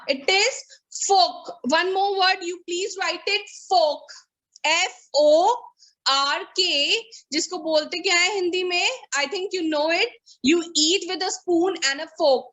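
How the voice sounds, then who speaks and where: A woman with an Indian English accent teaching pronunciation in an online class over a video call, drilling words slowly, repeating them and checking that students follow. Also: very high voice, bright, forceful tone, low-quality recording.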